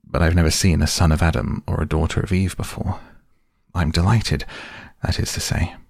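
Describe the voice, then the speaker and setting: A man's voice: sits low, steady tone, normal speed, vocal fry, dry recording, studio quality. A man voicing a fussy, polite male faun who flusters and repeats himself eagerly. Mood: flustered, eager.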